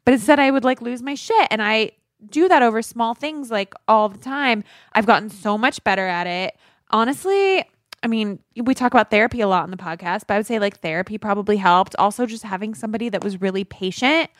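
A woman in her thirties co-hosting a podcast, giving frank advice in casual, animated chat and swearing freely. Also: fairly high pitch, fairly quick, no echo, studio quality. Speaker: podcast co-host.

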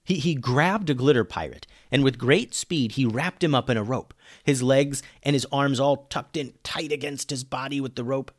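A man reading a children's pirate adventure story aloud, lively and dropping low on the speech tags. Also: normal speed, few pauses.

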